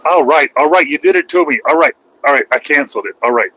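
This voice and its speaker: A man's voice: a little high, expressive, quick pace, sharp tone, a little hiss or hum, rough recording. Folksy middle-aged trucker rambling in his cab. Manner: rambling, folksy, swears casually. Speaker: truck driver vlogger. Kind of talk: casual chat while driving.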